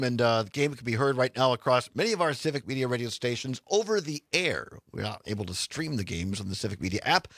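A man's voice: medium pitch, no room sound, clean studio sound. A man hosting a radio talk show, chatting loosely and laughing often, with many restarts. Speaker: radio host. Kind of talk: casual radio chat. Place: radio studio.

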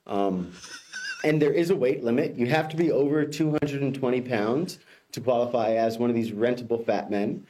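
A man co-hosting a podcast, presenting headlines in a relaxed, chatty way. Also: medium pitch, moderate pace. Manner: easygoing, laughs along. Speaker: podcast co-host reading headlines. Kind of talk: casual chat.

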